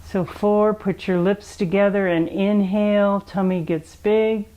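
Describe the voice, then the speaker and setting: Gentle, mellow-voiced woman leading kids' yoga. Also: mid-range voice, steady tone, unhurried, poor audio. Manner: gentle, coaxing, playful instructions to children. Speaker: kids yoga teacher. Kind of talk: guided children's yoga story time.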